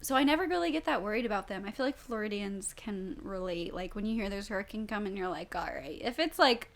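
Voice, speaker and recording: A woman's voice: medium pitch, animated, fast talker. A young woman from Tennessee co-hosting a podcast, telling easygoing stories and giggling often. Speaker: podcast co-host. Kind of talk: casual chat.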